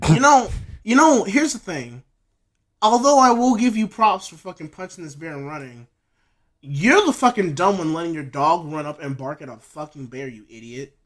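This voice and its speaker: Loud crude woman cohost, laughs a ton, does silly voices, voice jumps all over. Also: on the low side, expressive, normal speed. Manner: crude, rowdy, lots of laughing and put-on voices. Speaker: podcast co-host. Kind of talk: casual comedic banter.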